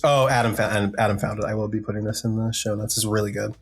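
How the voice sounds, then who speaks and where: A man co-hosting a podcast, chatting casually and excitedly, swearing freely and trailing into fillers. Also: on the low side, fast, slightly rough, soft background music. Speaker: podcast co-host. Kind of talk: casual chat about music.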